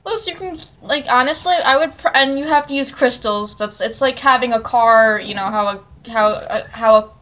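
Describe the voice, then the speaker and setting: A woman's voice: on the high side, moderate pace, few pauses, pushed and bright. A young woman hosting a casual chat, rambling with lots of fillers and talking with enthusiasm. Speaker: channel host.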